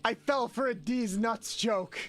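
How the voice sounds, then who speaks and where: A streamer chatting casually with chat during gameplay, given to loud, swearing outbursts. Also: medium pitch, measured pace, soft background music.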